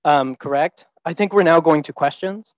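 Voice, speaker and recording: Young man lecturing, relaxed and halting. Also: fairly high pitch, no room sound, rough recording. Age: young adult. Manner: relaxed, thinks aloud with many ums and restarts. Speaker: visiting teaching fellow presenting. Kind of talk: informal lecture to students.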